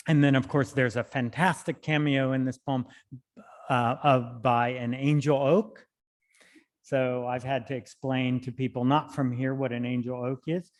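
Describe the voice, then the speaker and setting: A male poet giving a reading, speaking in an unhurried, thoughtful way between and through his poems. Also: medium pitch, a little mellow. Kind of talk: poetry reading with spoken commentary. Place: library hall. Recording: long hall reverb.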